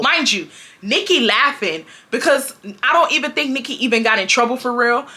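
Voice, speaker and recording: A woman in her twenties from Houston, telling a storytime to her viewers in casual slang, acting out what others said. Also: moderate pace. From Houston, Texas. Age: 20s. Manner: animated, slangy, acts out quotes with big pitch jumps. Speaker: storytime vlogger.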